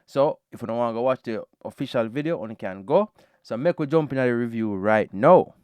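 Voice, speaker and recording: A man with a Jamaican accent hosting a music reaction podcast, giving a casual, animated review and calling the listener brother. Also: mid-range voice, brisk, clear, resonant tone.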